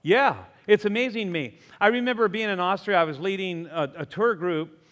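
A man preaching a sermon with emphatic, animated storytelling. His voice is bright and slightly high, and it rings out with a long reverb. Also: moderate pace. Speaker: pastor.

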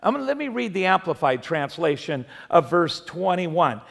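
A man's voice: fairly high pitch, sing-song, moderate pace, gravelly, fairly bright tone, big-room sound. A man pastor giving a sermon in a conversational way, mixing humorous stories into his preaching.

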